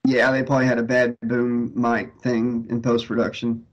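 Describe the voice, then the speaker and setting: A man's voice: mid-range voice, monotone, moderate pace, lo-fi sound. Joking man riffing on a movie. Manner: joking, laughing often. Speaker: co-host of a movie riff commentary.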